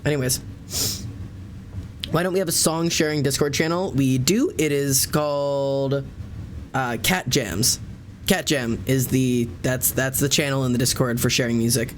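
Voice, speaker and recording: A man's voice: medium pitch, steady tone, measured pace, slight background noise. A young adult man streaming live from home, chatting casually and rambling jokily with his viewers and his cats.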